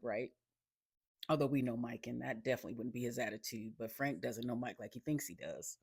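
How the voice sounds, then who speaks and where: A man's voice: mid-range voice, fairly quick, gravelly, breathy edge, dry recording, studio quality. A man casually recapping a TV episode, rambling with lots of ums and restarts and chuckling along the way.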